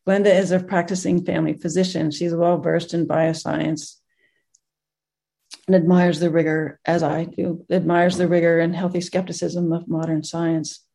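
A group teacher reading a moving story aloud in a gentle way, with pauses and restarts. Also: medium pitch, little pitch movement, gravelly.

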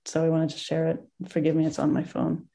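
A group teacher reading a moving story aloud in a gentle way, with pauses and restarts. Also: mid-range voice, monotone, creaky.

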